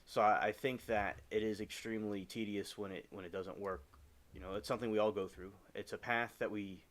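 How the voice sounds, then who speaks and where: A man with a lowish voice hosts a casual gaming livestream from home. He rambles along in a chatty way, often stopping and restarting his sentences as he plays. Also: steady tone, a little fast, a bit bright. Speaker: live streamer.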